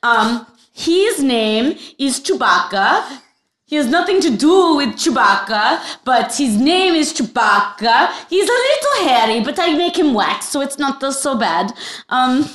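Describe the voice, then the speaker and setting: A woman's voice: sits high, big pitch swings, a little slow, a bit bright, reverberant. A woman hosting a comedy podcast, playfully improvising as a bachelorette and laughing often. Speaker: podcast host playing a bachelorette.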